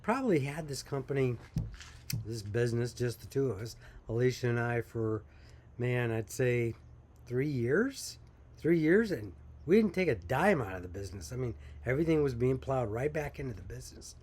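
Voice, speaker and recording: A man's voice: medium pitch, animated, brisk, darkish tone, breathy edge. A man who owns a small coffee company, telling his story in a chatty, folksy way and chuckling now and then. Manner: folksy, chatty, laughs while telling stories. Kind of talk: casual storytelling to camera.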